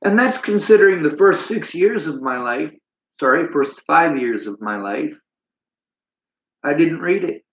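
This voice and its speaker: A man's voice: a little high, lively intonation, unhurried. A man hosting a livestream, ranting bitterly in a preachy way and reading out chat comments. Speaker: livestream host. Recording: roomy, dull lo-fi sound.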